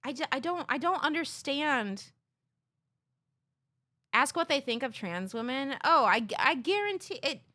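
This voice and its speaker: A woman's voice: sits high, lively intonation, a little slow, pauses often, pushed and bright. A woman live streamer talking casually with her chat, ranting with sarcasm and swearing.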